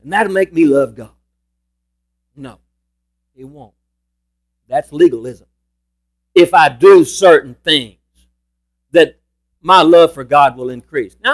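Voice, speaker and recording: High-voiced preacher, emphatic. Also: male voice, very animated. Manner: emphatic preaching, slows down to stress scripture. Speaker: pastor. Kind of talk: sermon.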